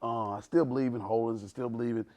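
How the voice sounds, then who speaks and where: A man's voice: medium pitch, fairly even intonation, racing, darkish tone, slight background noise. A man in his forties, a pastor, telling stories in a podcast conversation with lots of laughter and acted-out voices. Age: 40s.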